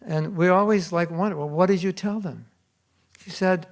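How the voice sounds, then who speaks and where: An older man giving a storytelling class at a temple, animated and acting out the voices of people in his stories. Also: high voice, slow pace, creaky, long pauses. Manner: animated, acts out quoted voices. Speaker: spiritual teacher giving a class. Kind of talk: storytelling sermon. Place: temple hall.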